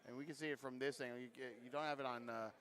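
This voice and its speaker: A man giving live play-by-play commentary on a college basketball game, getting louder and more excited on big plays. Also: medium pitch, very fast.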